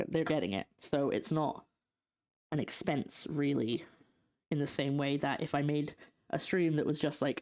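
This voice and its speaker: A woman's voice: deep voice, darkish tone. A young Scottish woman cooking on a casual livestream, chatting loosely with viewers and trailing off into fillers as she works in her home kitchen. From Scotland. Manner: chatty, reads out and answers chat, trails off in fillers. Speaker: streamer.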